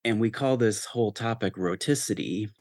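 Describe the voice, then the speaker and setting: Guy linguist explaining stuff, modest, low voice, dry sound. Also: normal speed, darkish tone, dry recording. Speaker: linguist interviewee. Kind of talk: interview answers.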